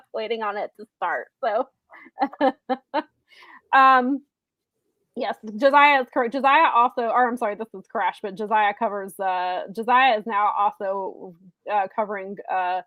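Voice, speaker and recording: Lady on a wrestling-style chat podcast, kinda high voice, talks fast w lots of restarts and laughs, dry mic. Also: dry recording, narrow, tinny audio. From American South. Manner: chatty, laughs often, many restarts. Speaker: podcast co-host. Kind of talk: casual chat.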